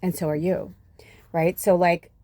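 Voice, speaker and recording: A woman's voice: fairly low pitch, little pitch movement, a little slow, dark tone, dry recording. A woman spiritual reader in a casual, rambling monologue, swearing often and saying "like" a lot, recorded on a phone. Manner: rambling, frequent swearing, many "like"s.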